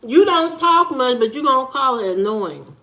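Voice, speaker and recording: A woman's voice: sits high, big pitch swings, moderate pace, sharp tone. A woman hosting a live stream in casual chat, answering her viewers with blunt rhetorical questions. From United States. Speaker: livestream host.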